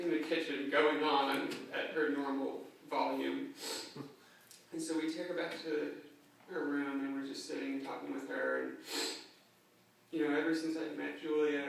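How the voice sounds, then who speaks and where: A man's voice: a little high, gravelly. A young man giving a eulogy for his grandmother in a funeral chapel, telling stories casually with fillers. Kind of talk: anecdotal eulogy. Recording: echoey chapel, distant mic, faint noise.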